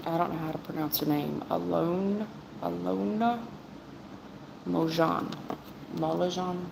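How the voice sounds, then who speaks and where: A woman with a low, gravelly voice reads tarot for a live chat. She talks bluntly, almost sarcastically, to her viewers, and her voice sounds echoey, with steady noise behind it. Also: slow pace, pauses often. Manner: talks straight to chat viewers, calls them baby and hon. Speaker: tarot reader on a livestream. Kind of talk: blunt casual livestream chat. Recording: echoey room with clear background noise.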